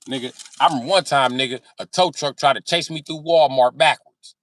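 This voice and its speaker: A man's voice: medium pitch, brisk, a bit bright, a little hiss or hum. A man telling profane stories casually on a live stream, acting out sounds and voices. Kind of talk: casual storytelling.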